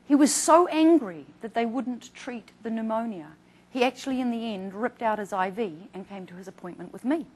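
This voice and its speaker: A middle-aged woman doctor teaches with earnest conviction and weaves case stories into her talk. Her voice sits a touch higher than most women's. She brings the patients' words to life as she quotes them. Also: moderate pace, poor audio. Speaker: doctor presenting to patients and providers.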